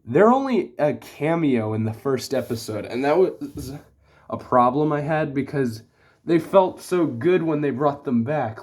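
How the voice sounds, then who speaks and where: A man's voice: mid-range voice, a little mellow. A man talking casually as a TV reviewer, rambling with frequent "like" and restarts. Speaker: TV show reviewer.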